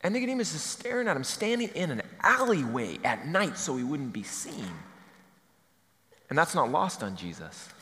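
A male pastor preaching a sermon, telling stories with a joking, animated manner. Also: a little high, normal speed, big-room sound.

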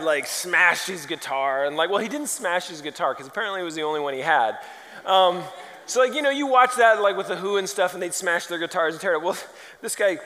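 A man preaching a sermon, telling a story in a lively, rambling way and often poking fun at himself. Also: high voice. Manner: animated, rambling and self-mocking. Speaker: pastor. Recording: long hall reverb.

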